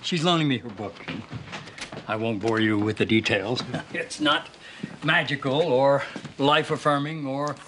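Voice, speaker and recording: A man's voice: mid-range voice, unhurried, a bit bright, a little hiss or hum, lightly acted. An actor playing an awkward, jilted older man who stammers with forced cheer.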